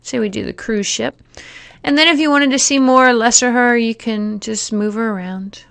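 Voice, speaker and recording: A woman narrating a software tutorial, explaining each step plainly with occasional fillers. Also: fairly high pitch, moderate pace, creaky, clear, resonant tone. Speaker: teacher giving a software tutorial. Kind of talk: screen-recorded tutorial narration.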